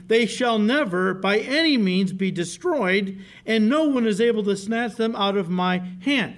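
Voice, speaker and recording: High-voiced animated male pastor preaching. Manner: animated preaching, often saying "listen" and "okay". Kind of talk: sermon.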